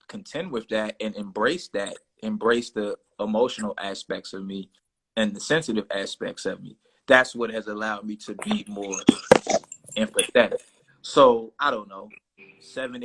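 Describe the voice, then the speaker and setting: Bright-voiced man talking openly. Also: mid-range voice, rough recording. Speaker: interview guest. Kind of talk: casual conversation.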